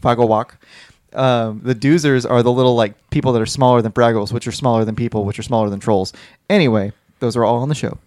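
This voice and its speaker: A man's voice: mid-range voice, steady tone, fast, darkish tone, no echo, clean studio sound. A young man hosting a casual podcast among friends, rambling and poking fun at himself. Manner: self-mocking, rambling joker. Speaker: podcast host. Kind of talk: casual chat.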